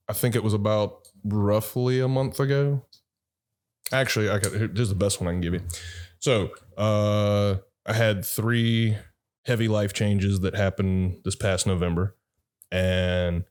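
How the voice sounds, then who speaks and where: A podcast guest who is an actor and director rambles through personal stories in a laid-back, profane chat. His voice is on the low side, a little mellow, clear, and resonant.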